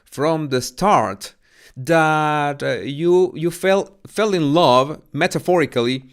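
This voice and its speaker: Smooth-voiced man with a Latin American Spanish accent. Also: a little high, slow pace. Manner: hesitant, stuttering restarts; careful with pronunciation. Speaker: channel host. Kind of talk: casual rambling live chat.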